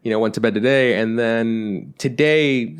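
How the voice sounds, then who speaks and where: A man's voice: mid-range voice, normal speed, clear, resonant tone. A young adult man on a casual podcast, telling rambling anecdotes and acting out quotes, swearing freely. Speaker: podcast co-host. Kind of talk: casual storytelling chat.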